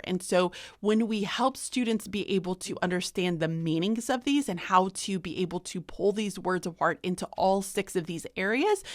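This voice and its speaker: A woman's voice: fairly low pitch, no echo, studio quality. A woman teacher trainer walking through a vocabulary worksheet on screen, upbeat and self-deprecating, talking while she writes. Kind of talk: instructional screen walkthrough.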